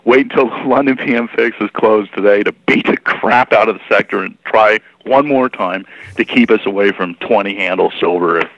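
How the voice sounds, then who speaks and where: Low-voiced male guest on a dull line. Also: a bit bright, no echo. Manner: measured, wry, with frequent restarts. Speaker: guest analyst. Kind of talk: market commentary on a podcast. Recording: dull dry remote line.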